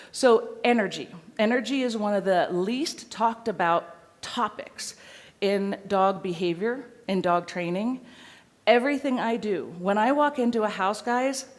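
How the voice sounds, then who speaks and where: A woman dog trainer giving a live talk to an audience, animated and direct, often checking in with "right?" and "okay?". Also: medium pitch. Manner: animated, addresses audience directly with tag questions.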